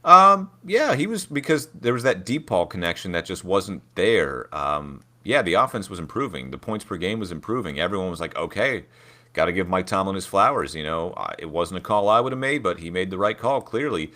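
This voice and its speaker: A man's voice: low-pitched, very animated, brisk, few pauses, pushed and bright. A man from Pittsburgh co-hosting a sports podcast, opinionated and chatty. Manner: opinionated, chatty, lots of fillers and hedges. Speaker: podcast co-host. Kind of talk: casual sports chat.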